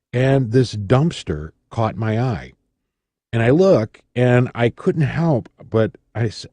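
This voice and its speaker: A middle-aged radio personality from Michigan, speaking in a low, mellow voice, tells his story as a guest in a studio interview. He recounts it dramatically, acting out the voices of the people he quotes. The mic sounds dry and close, with no room sound.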